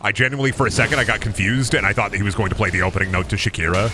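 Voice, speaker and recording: A man's voice: fairly low pitch, steady tone, racing, few pauses, noisy background. A man from Iowa streaming a video game, chatting casually in a goofy, jokey way and reading out chat messages. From Iowa, USA.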